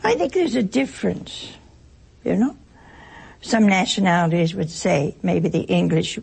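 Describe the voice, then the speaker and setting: Brief: gravelly woman with a very husky voice, folksy anecdotal speaker who plays out little dialogues. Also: on the low side, a little slow, a little mellow, poor audio. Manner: folksy, joking storyteller; acts out short exchanges in other voices. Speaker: speaker addressing an audience. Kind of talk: informal spoken talk with anecdotes.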